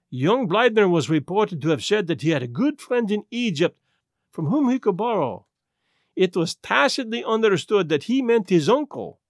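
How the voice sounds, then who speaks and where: A man voicing a small, placid detective who speaks gently and precisely. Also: high voice, no room sound, studio quality.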